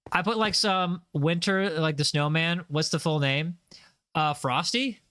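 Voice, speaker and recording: A man's voice: on the high side, unhurried, fairly bright tone, smooth, no echo. A man chatting casually on a gaming livestream, rambling with lots of fillers and playful boasts. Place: home setup, lives in Los Angeles.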